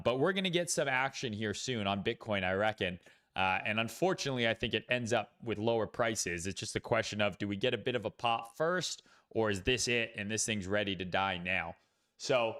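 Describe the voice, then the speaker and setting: A man's voice: mid-range voice, sharp tone. A man hosting a casual crypto trading livestream, talking bluntly with swearing and lots of fillers. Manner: blunt, profane, thinks aloud with many fillers. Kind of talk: casual livestream market commentary.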